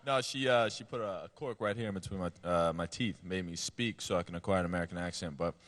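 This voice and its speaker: Man, very low voice, West Indian accent, rambling panel talk, many fillers. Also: fast talker, fairly bright tone. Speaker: panel guest actor. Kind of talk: casual panel chat. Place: convention panel hall.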